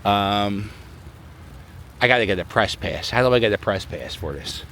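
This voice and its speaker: A middle-aged man chats into a handheld camera as he walks a snowy city plaza. His voice sits mid-pitch but bounces around a lot as he jokes and rambles off on asides. Street ambience and a faint hiss stay behind him. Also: animated, normal speed, vocal fry, a bit bright. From Philadelphia. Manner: chatty, joking, rambling asides. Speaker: vlogger. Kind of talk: casual walking vlog commentary.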